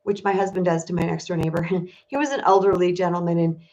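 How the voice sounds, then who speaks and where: Woman spiritual coach, confessional livestream delivery, lowish voice, muffled webcam sound. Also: steady tone, fast talker, warm tone. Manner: candid, emotional, confessional. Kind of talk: casual livestream talk to viewers. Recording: dull lo-fi stream audio.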